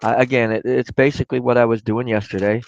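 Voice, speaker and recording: A man with a raspy voice from a cough, chatting casually to viewers on a live stream while he works on glass pieces. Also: medium pitch, steady tone, fast talker, dull audio, a little hiss or hum. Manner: rambling, talks to viewers while working.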